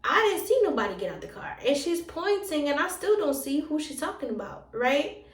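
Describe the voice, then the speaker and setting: Animated woman telling a story, roomy sound. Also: sits high, fairly quick. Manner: animated retelling, acting out the dialogue. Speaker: storyteller and relationship coach. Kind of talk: casual storytime vlog. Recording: roomy sound, voice from a distance from the mic.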